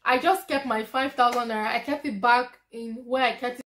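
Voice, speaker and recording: Young Nigerian woman, high-pitched, lively storytime vlogger who laughs a lot. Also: fairly quick. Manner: animated storyteller, laughs often. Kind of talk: storytime vlog.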